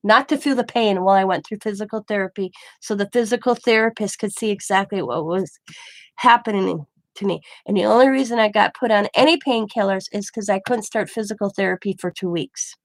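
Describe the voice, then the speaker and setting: A woman's voice: medium pitch, a little fast, no room sound. Woman telling a rambling story. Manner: rambling, animated retelling with quoted dialogue. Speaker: craft channel host. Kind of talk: casual storytelling.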